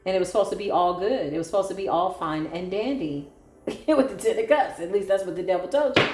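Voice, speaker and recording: A woman's voice: fairly low pitch, animated, brisk, darkish tone, slight background noise. A woman giving a solo tarot reading, sassy, sarcastic and preachy. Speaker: tarot reader. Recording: echoey room with faint music.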